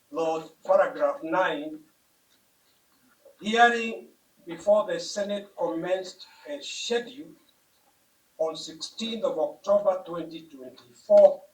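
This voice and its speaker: A man, an advocate making a formal legal submission to a court, with deliberate, emphatic phrasing. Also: on the high side. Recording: echoey room, mic at a distance.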